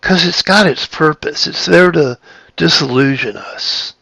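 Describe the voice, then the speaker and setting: A man giving a reflective spiritual talk, halting and repeating his phrases, shifting his tone of voice for emphasis. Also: a little high, creaky, pushed and bright, breathy edge, dry recording. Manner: plays with tone of voice for emphasis. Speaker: spiritual speaker.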